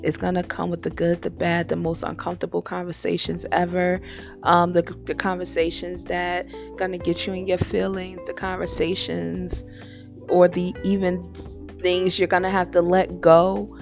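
A woman hosting her own podcast talks in a lowish, gravelly, fry-heavy voice at a moderate pace, with faint music underneath. Her casual motivational monologue is loose and conversational, full of frank, slangy advice. She stays animated and keeps slipping into impressions.

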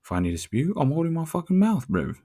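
A man's voice: fairly high pitch, very animated, quick pace, mellow. A man from New Zealand with a New Zealand accent, talking in a casual, profane, slangy monologue with frequent laughs.

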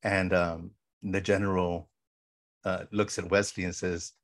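Low-voiced guy excitedly retelling a movie, says bro a lot, dry close sound. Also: measured pace, no echo. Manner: animated storyteller, says "bro" often. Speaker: podcast co-host. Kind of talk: casual chat, retelling a film.

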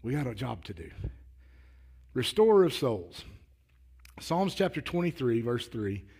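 Guy preaching at church, folksy and earnest, stumbles on his words, gets loud and emphatic. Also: mid-range voice, sing-song, a little slow, slightly rough. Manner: folksy and earnest, repeats words when starting; builds to emphatic, louder declarations. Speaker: lay preacher. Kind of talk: sermon.

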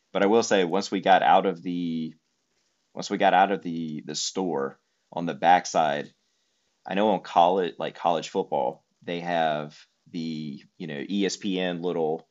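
A man's voice: deep voice, dull audio. A man telling a trip story in casual conversation, rambling with many fillers. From United States.

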